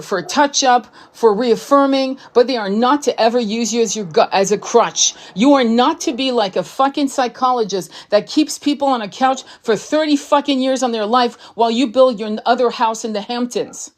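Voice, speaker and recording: A psychic who also hosts a tarot channel speaks to fellow healers in a blunt, profane, impassioned spiritual monologue. Her voice sits on the high side, moving at a normal speed with hardly any pauses.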